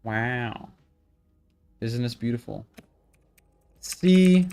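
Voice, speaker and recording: A man's voice: mid-range voice, animated, takes it slowly, long pauses, darkish tone. A man talking to himself as he codes, muttering, swearing and grumbling in exasperation. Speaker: programmer streaming his work. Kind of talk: casual talk-aloud coding session. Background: keyboard typing and faint music.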